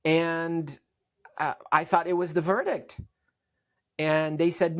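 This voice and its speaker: Interview guest: middle-aged man, earnest, halting repetitions. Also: a little high, flat delivery, a bit bright. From Syria. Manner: earnest, repeats and restarts words. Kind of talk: interview storytelling.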